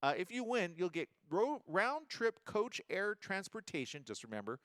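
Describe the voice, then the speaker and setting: A man's voice: high voice, moderate pace, no room sound. A man hosting a morning show, chatting casually and joking through the news. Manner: lively, jokey, animated delivery.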